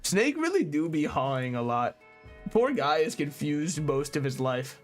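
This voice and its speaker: A young man streaming a game, chatting casually and ranting animatedly with quick asides and frequent laughs. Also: fairly high pitch, very animated, faint music behind. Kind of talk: casual gaming stream chat.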